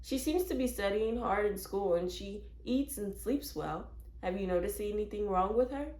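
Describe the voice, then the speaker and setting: A woman's voice: medium pitch, expressive, normal speed, a little mellow, roomy sound, lightly acted. A woman voicing a polite, sympathetic neighbor woman.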